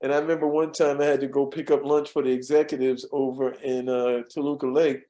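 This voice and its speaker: A man's voice: medium pitch, little pitch movement, fairly quick, dark tone, poor audio. A man telling stories from his years as a studio assistant in an interview, rambling with frequent fillers and restarts. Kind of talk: storytelling interview.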